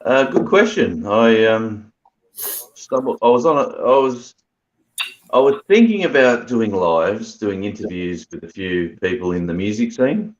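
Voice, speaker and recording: A man from Australia, a guest on a livestream, speaking in a halting, hesitant way. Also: on the low side, lively intonation. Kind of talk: casual livestream chat. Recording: dull lo-fi stream audio.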